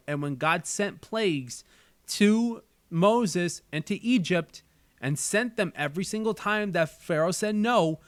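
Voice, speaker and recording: This channel host is a man with a high, slightly bright voice and a measured pace, recorded with no room sound. Hosting a casual chat, he talks earnestly and repeats phrases as he works through his thoughts.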